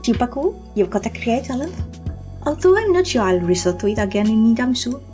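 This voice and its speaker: A woman's voice: a little high, lively intonation, fairly quick, warm tone, faint music behind, natural voice. A woman voicing an earnest, polite young female witch, the player character in a game.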